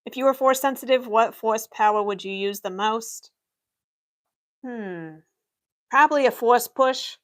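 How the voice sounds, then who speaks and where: A woman's voice: a little high, a little slow, pauses often. A young adult woman streaming in character as an office worker, answering chat questions with dry, matter-of-fact humor. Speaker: livestreamer playing an Imperial office worker. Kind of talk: in-character livestream Q&A.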